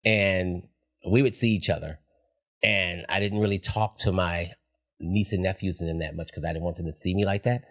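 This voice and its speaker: A man's voice: low-pitched, steady tone, normal speed. A middle-aged man, a podcast guest, talking candidly in a reflective, heartfelt way. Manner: reflective, heartfelt, soft-spoken at times.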